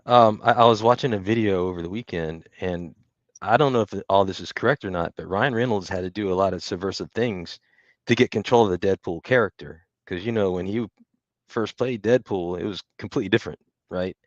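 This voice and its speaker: A low-voiced man talks through his point in a thoughtful, hedging way. The recording is dry and dull, like a lo-fi mic with no room sound. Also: brisk, no room sound. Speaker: podcast co-host. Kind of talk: casual chat.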